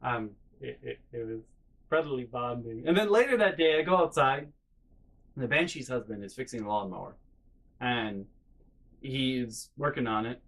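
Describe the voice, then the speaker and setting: A young man telling family stories in a casual vlog, animated and profane, with frequent exasperation. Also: mid-range voice, moderate pace, poor audio. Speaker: vlogger.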